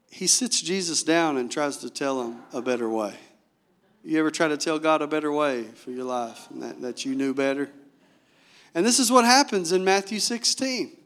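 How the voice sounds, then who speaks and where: A man's voice: a little high, a bit bright. A male pastor preaching a sermon, telling the story with animation and asking the congregation direct questions.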